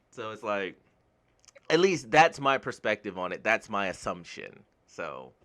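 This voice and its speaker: Bright-voiced man ranting bluntly. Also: fairly low pitch, unhurried. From United States. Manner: blunt, swears freely, laughs at own jokes; animated, voice jumps up when worked up. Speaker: gaming YouTuber. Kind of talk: casual ranting commentary.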